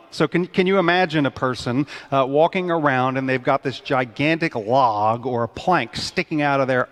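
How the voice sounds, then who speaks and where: A man preaching a conversational sermon in a church, animated and acting out people's outbursts. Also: fairly high pitch. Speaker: pastor. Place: church sanctuary. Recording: long church reverb.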